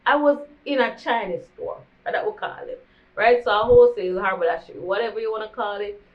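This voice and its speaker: A woman's voice: mid-range voice, fairly quick. A young woman with a Jamaican accent telling a candid storytime vlog, slipping into patois as she talks. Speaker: vlogger. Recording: dull lo-fi recording.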